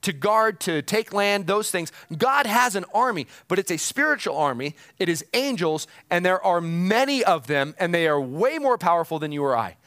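A man's voice: high voice, very animated, normal speed, hardly any pauses, fairly bright tone, no room sound. A man preaching a sermon as a pastor, earnestly explaining scripture and building to emphatic peaks.

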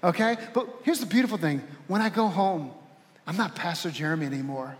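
A man's voice: sits high, fairly quick. A man pastor preaching a sermon to his congregation, calling out to the crowd with a preacherly manner. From Louisiana. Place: church sanctuary. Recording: reverberant church hall.

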